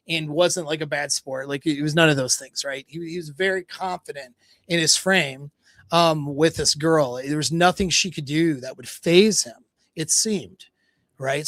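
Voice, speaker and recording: A man coaching on dating over a livestream, his voice sitting a little high for a man. He rambles through a story and acts out quoted dialogue between his fillers. The sound is close and dry. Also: fairly bright tone, no echo. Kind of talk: livestream talk, retelling a story.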